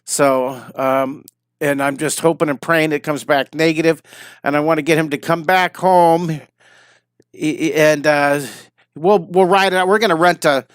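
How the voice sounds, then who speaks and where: A man's voice: on the high side, steady tone, normal speed, clear, resonant tone, dry recording, clean studio sound. A man in his fifties, a drawing teacher on a live stream, chatting and rambling to his viewers, tired and a little wheezy. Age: 50s. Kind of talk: casual live-stream chat.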